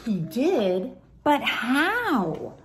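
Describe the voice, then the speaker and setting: A woman's voice: fairly high pitch, wildly swooping pitch, very slow, noisy background, voice pushed up, full character voice. A woman voicing a curious, eager young male colt in a storybook, asking wide-eyed questions in a raised voice.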